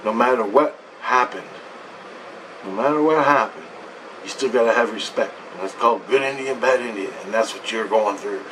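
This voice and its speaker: A man voicing a stern, calm female priestess who lectures in a low, hushed, insistent way. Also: normal speed, a little hiss or hum, close to an everyday voice, rough recording. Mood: lecturing.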